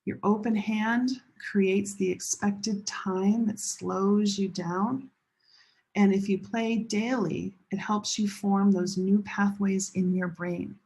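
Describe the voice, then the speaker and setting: A woman teaching English pronunciation to a class, slowly modeling sentence stress and repeating example sentences. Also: mid-range voice, fairly even intonation, a little mellow, breathy edge. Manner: slow, drawn-out modeling of sentence stress with repetition. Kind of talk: classroom lesson demonstrating an app.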